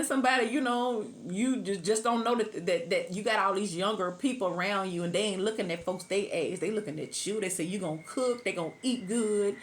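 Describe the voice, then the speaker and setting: A middle-aged woman giving a casual tarot reading to camera, chatty, laughing often and sometimes breaking into song. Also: medium pitch. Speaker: tarot reader.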